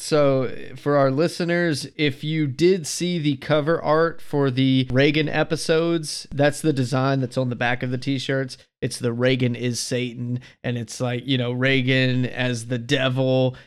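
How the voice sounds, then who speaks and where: A man co-hosting a podcast, a little drunk, excitable and profane. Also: medium pitch, moderate pace, hardly any pauses, clean tone. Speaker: podcast co-host. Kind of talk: casual podcast chat.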